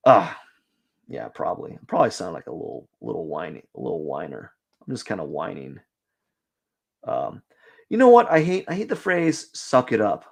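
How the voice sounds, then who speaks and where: This young man's voice sits a little high and swings widely in pitch, with vocal fry and a breathy edge, at ordinary speed. Chatting casually while he draws on a live stream, he rambles, knocks himself, and keeps restarting amid lots of fillers.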